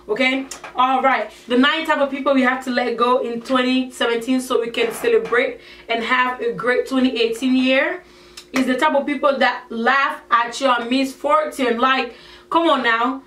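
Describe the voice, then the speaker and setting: A woman's voice: sits high, fairly bright tone, a little hiss or hum. A woman vlogger talking casually to camera in an emphatic rant, peppering her talk with "like". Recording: echoey room, mic at a distance.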